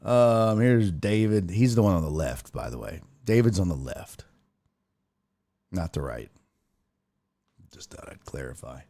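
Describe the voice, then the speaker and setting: A man's voice: deep voice, animated, unhurried, pauses often, mellow. A man hosting a casual sports talk stream, reading viewer comments aloud and riffing on them in loose, profane banter. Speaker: sports talk show host.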